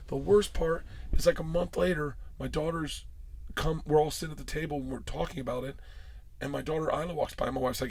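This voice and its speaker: A man's voice: mid-range voice, a little fast, creaky, slightly rough. A man in his forties telling a wild story in casual podcast chat, swearing freely and acting out the quotes. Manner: animated storyteller, swears often, acts out quotes. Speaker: podcast guest.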